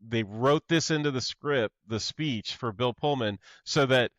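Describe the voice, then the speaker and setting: A man co-hosting a podcast, chatting casually and excitably about a film, sharing trivia and swearing now and then. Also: medium pitch, unhurried, dry recording, lo-fi sound. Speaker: podcast co-host. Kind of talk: casual movie chat.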